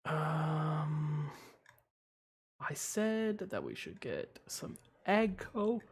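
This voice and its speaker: A man's voice: fairly high pitch, huge pitch swings, very slow, slightly rough. A young man streaming a game, chatting casually with viewers in a rambling, chuckling way, and sleepy at times. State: sleepy, yawning. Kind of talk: casual livestream commentary.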